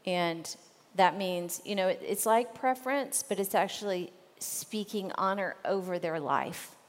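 A woman's voice: mid-range voice, a little slow, in a large hall. A woman co-hosting a casual faith talk on marriage, earnest and conversational, with frequent fillers.

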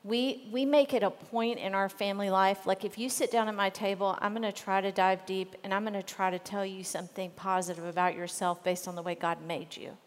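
A woman's voice: medium pitch, steady tone, fairly quick, few pauses. Woman chatting earnestly about marriage and faith, um's everywhere, long reverb on the voice. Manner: earnest, conversational, with fillers. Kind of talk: casual ministry talk on marriage.

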